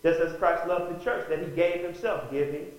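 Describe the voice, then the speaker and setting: Male pastor mid-sermon, higher-pitched voice, calls out "Amen?" to the flock, heavy room echo. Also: steady tone, normal speed, highs cut off. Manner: preaching with call-outs of "Amen?" and rising bursts of emphasis. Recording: very echoey room.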